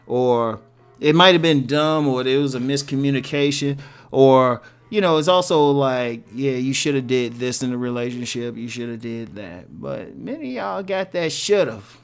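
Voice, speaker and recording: A man's voice: mid-range voice, expressive, normal speed, clean tone, faint music behind. A man hosting a casual relationship-advice monologue for women, talking bluntly with tough love and jokes.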